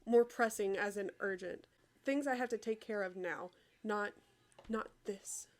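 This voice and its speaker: An aloof, irritable teenage boy wizard who brushes everyone off, read aloud by a woman. The delivery is flat and plain, with no accent put on, and sounds more like someone reading from a screen than acting. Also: mid-range voice, unhurried, lightly acted. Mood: dismissive. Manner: sighing, dismissive, read aloud from a chat.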